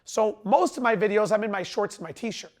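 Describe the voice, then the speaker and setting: A middle-aged man giving an energetic sales lesson to camera, talking fast and emphatically and sometimes running his words together, tired after a long lecture. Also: high-pitched. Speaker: sales trainer.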